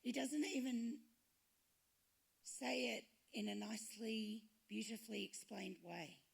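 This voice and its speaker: A woman's voice: a little high, takes it slowly, gravelly, slightly rough. A woman pastor preaching a sermon, retelling stories and acting out the quoted lines.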